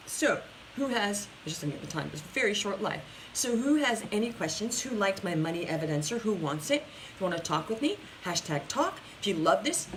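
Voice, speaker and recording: An upbeat woman coach talks on a live stream at a medium pitch, chatting straight to her viewers and restarting her sentences often. A faint hiss sits under her voice from the home webcam setup. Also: low-quality recording. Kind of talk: casual live-stream talk answering viewer questions.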